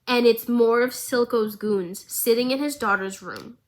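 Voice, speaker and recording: A young woman vlogger giving a casual, animated recap of a show, with lots of filler words. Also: a little high, unhurried. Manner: animated, chatty, filler-heavy.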